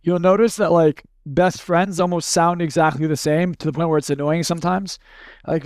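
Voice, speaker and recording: A man leading a live seminar workshop, talking bluntly and casually, running demonstrations with volunteers and slipping into quick acted snippets. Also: a little high, steady tone, darkish tone, no echo, clean studio sound. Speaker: seminar speaker.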